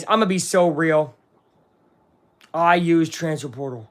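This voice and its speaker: Excitable high-voiced man commentating live. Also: a little slow, pauses often. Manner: excitable, swings between hype and grumbling. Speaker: live-stream sports watch-along host. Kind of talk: casual live game commentary.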